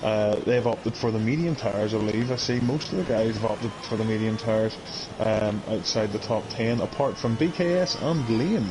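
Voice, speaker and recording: A man giving casual live commentary on an online sim race, chatty and quick to laugh. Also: lowish voice, background noise. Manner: chatty, laughs often, reads out viewer comments.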